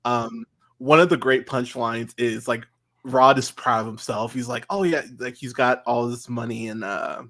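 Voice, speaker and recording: A man co-hosting a movie podcast, chatting casually and rambling excitedly through film scenes with lots of fillers and laughter. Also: medium pitch, normal speed. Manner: rambling, animated, laughs a lot, many "like" fillers. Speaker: podcast co-host. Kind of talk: casual film review chat.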